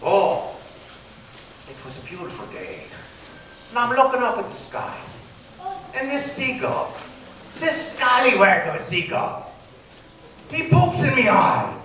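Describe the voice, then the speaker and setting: A man playing a gruff boastful pirate in an echoey hall. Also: extremely high pitch, sing-song, measured pace, long pauses, bright, forceful tone, far from the mic, slight background noise, pitched above the performer's own voice, full character voice. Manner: rough old-sailor talk. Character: gruff one-handed male pirate, boastful yarn-spinner.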